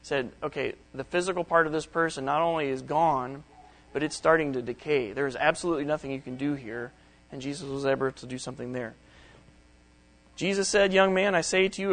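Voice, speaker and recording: Over poor audio, a middle-aged preacher with a fairly high-pitched voice leads a Bible study. He reads scripture out loud and follows each passage with a plain explanation.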